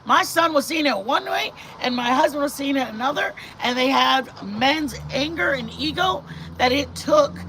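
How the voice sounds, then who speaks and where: A bright, forceful woman's voice, somewhat high for a woman, telling a long story to camera. She is a middle-aged vlogger who talks in a chatty, animated way and often turns to her faith. A faint hiss sits under the voice. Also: normal speed.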